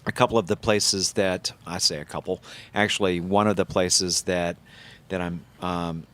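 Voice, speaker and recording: A man hosting a podcast interview, speaking casually and haltingly as he searches for his words. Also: low voice, fairly even intonation, a bit bright. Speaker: podcast host.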